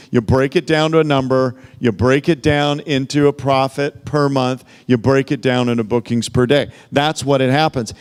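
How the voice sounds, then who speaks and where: With a clean, mid-range voice, a man delivers an emphatic sales pep talk through a handheld mic. Rhetorical questions pile up, punctuated again and again by "okay?" and "right?"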